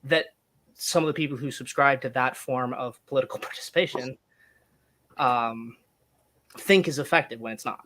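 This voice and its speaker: A man's voice: medium pitch, normal speed, long pauses, fairly bright tone. A man talking as a guest in a casual interview, thinking aloud with restarts and small laughs. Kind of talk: casual conversation.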